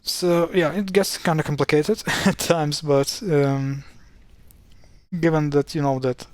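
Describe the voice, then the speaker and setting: A man's voice: on the high side, fairly even intonation, slow pace, dry recording. Hesitant man explaining pronunciation. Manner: hesitant, many fillers and self-corrections. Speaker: language teacher. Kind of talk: casual explanatory lesson.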